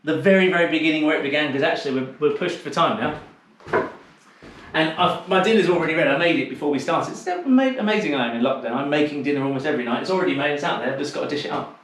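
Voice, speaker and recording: A man's voice: on the high side, very fast, fairly bright tone, far from the mic, a little hiss or hum. A man teaching a dance class over a video call, calling out steps and chatting with a teasing manner. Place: home room on a video call. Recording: very echoey room.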